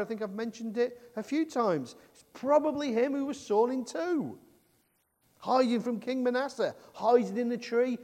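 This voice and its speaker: Preacher with a high voice in a reverberant hall. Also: male voice, a little mellow. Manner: conversational, with rhetorical questions and acted-out quotes. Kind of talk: sermon. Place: church. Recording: long reverb of a large hall.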